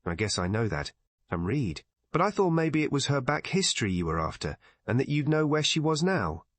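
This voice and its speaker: A pugnacious American man in his thirties, with a light American accent, blunt and abrupt, his voice lively in pitch, as a male audiobook reader plays him. The voice has a husky grain, recorded dry and close. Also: moderate pace, dry recording.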